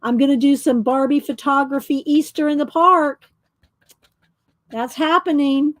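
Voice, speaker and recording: A woman with a somewhat high voice chats casually on a livestream, rambling and thinking out loud with plenty of fillers. Her voice sounds close and dry, with no room echo. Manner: rambling, chatty, thinks aloud with many fillers. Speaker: livestream host showing her art.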